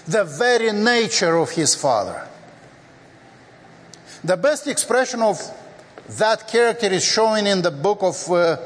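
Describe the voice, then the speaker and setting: Male preacher, sermon, unhurried, hesitant fillers, echoing hall. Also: on the high side. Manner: retells scripture dialogue in lively acted voices; slow, deliberate delivery with frequent fillers. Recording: long hall reverb.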